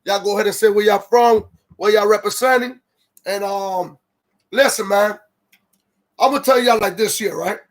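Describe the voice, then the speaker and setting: A man's voice: sits high, normal speed, pauses often. A man hosting a casual livestream, greeting viewers and repeating himself, growing heated and incredulous as he comments on a video. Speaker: livestream host.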